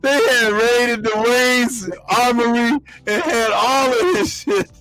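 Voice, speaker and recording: A man's voice: extremely high pitch, slow, over loud music. A man co-hosting a casual film podcast, retelling scenes animatedly with laughs. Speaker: podcast co-host.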